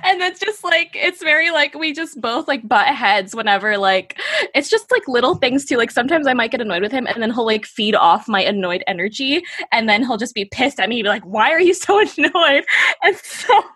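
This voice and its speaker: A woman's voice: on the high side, expressive, a little fast, fairly bright tone, husky, no room sound. A young woman chatting casually on a video call. She laughs often and fills her talk with "like". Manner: giggly, lots of fillers and laughter. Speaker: guest in a video call chat. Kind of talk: casual chat. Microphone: laptop or phone on a video call over a hotspot.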